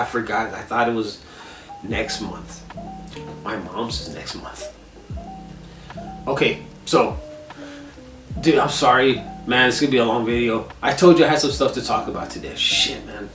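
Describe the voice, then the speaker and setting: A man hosting a casual gaming vlog, rambling through an animated story full of "I was like" and repeated words. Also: mid-range voice, normal speed, far from the mic. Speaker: gaming channel host. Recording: echoey room, set back from the mic, soft guitar music.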